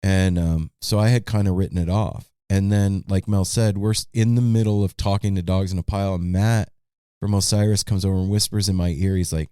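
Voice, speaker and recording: A man hosting a podcast in casual chat, talking in a relaxed, easygoing way. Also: low-pitched, a little fast, clean tone, dry recording, studio quality. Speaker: podcast host.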